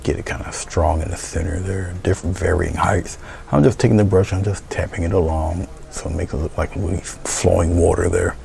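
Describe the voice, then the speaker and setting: A deep-voiced man with a gravelly edge walks viewers through a painting, calm and encouraging. His words often sink into soft, half-whispered murmurs as he works, over a faint hum of room noise. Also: brisk. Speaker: painting instructor. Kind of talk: step-by-step painting tutorial.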